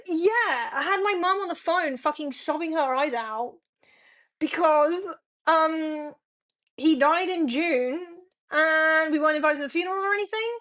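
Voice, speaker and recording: A woman's voice: high voice, measured pace, fairly bright tone. A young woman streaming from home, chatting frankly and swearing a lot as she rambles to her viewers. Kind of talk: casual chat to a live stream audience.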